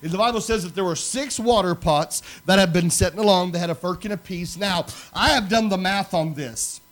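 A man preaching a sermon, telling personal stories in an animated way that swings from loud to hushed. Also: high voice, a little fast. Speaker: pastor.

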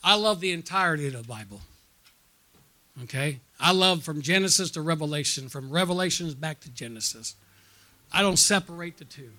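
A middle-aged male pastor preaching at a church conference, his voice very bright and sitting a touch high. He tells a personal story and keeps calling out questions to the congregation. He climbs to loud, excited peaks, then drops to quiet, low asides. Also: normal speed. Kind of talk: sermon.

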